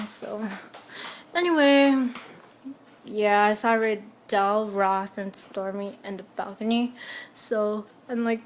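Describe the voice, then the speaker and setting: A teenage girl excitedly telling a personal story, full of "like" and "I'm like". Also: mid-range voice, slow. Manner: bubbly, lots of 'like' and 'I'm like'. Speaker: vlogger.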